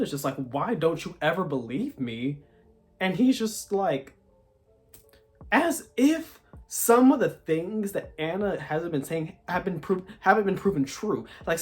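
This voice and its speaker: A reviewer recaps a TV episode in an exasperated, ranting way, scattering "like" through every sentence. The tone stays casual and conversational. Faint music plays underneath. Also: mid-range voice. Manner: exasperated, ranting, heavy use of "like". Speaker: TV show reviewer. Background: faint background music.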